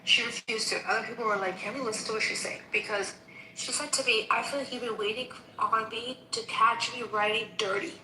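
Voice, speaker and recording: A bright, sharp-toned woman talks fast and indignantly, her voice a little higher than most, acting out both sides of an argument. The room is echoey, with a faint hiss behind her. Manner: animated, indignant, retells quarrels with quoted back-and-forth. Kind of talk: casual heated chat.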